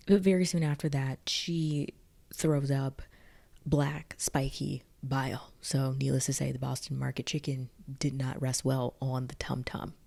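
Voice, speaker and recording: A woman with a very low, gravelly voice chats through a film recap in a loose, joking way. Her tone is dark and mellow, and "like" fills her sentences. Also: level tone, measured pace. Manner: chatty and jokey, lots of "like". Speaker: video essay host.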